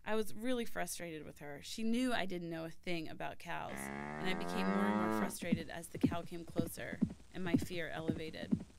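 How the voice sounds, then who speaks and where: A woman's voice: on the low side, lively intonation, moderate pace, creaky, few pauses. A young woman narrating a personal story in an earnest, scripted way. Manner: earnest storytelling, shouting the quoted cries. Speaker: former volunteer telling a story. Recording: narration over loud music.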